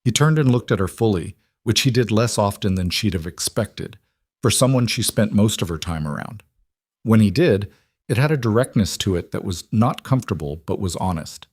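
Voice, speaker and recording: Low-voiced male storyteller. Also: lively intonation, moderate pace, breathy edge, no room sound, clean studio sound. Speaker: narrator. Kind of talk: scripted audiobook narration.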